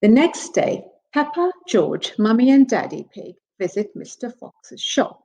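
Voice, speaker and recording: A woman teacher reading a picture book aloud to young children in an expressive storybook voice. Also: on the high side, vocal fry, low-quality recording. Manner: slow, expressive, sing-song.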